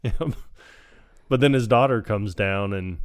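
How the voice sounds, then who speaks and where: A man's voice: on the low side, measured pace, no room sound, clean studio sound. A man co-hosting a casual podcast, recapping a movie and acting out its lines in put-on voices. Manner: acts out quoted movie lines in put-on voices, laughing often. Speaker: podcast co-host.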